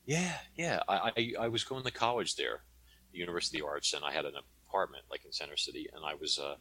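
A man telling stories as an interview guest, animated and tagging his points with "okay?". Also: very deep voice, fast talker, slightly rough. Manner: animated, tags statements with "okay?". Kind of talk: conversational storytelling.

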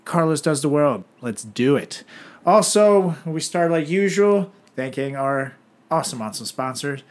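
A man with a somewhat high voice co-hosts a comedy podcast. He talks casually and playfully, teasing his partner and joking throughout. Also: animated, unhurried. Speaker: podcast co-host.

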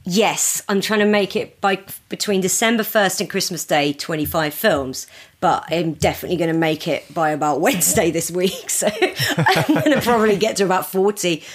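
A British woman comedian, joining a casual podcast chat as a guest from across the ocean, remote from the hosts, laughs often and breaks into comic voices of film characters. Her voice is fairly low in pitch, with lively intonation, a moderate pace and a breathy edge.

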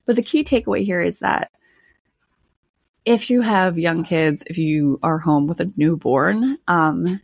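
A woman hosts her own podcast in a relaxed solo monologue, candid and chatty, laughing often between thoughts. Her voice sits low with a gravelly, husky edge. The recording is dry, with no room sound. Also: a little slow, no room sound. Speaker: podcast host.

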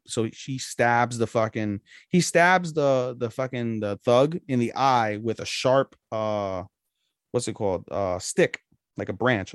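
A man's voice: mid-range voice, smooth, no room sound, studio quality. A man co-hosting a podcast, chatting casually and rambling through a plot recap with loose, profane talk. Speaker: podcast co-host. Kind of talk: casual anime review chat.

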